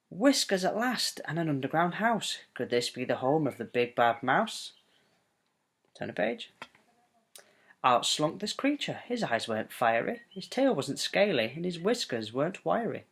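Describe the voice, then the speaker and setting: A father reading a rhyming bedtime storybook aloud to his child at home, in a gentle, sing-song way. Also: on the high side, very animated, a little slow, slightly rough.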